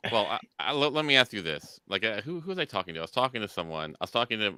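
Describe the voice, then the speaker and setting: A man's voice: fairly low pitch, sing-song, racing, bright, forceful tone, clear, resonant tone, no echo, clean studio sound. A man co-hosting a podcast in casual review chat, stammering and repeating words as he starts. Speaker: podcast co-host.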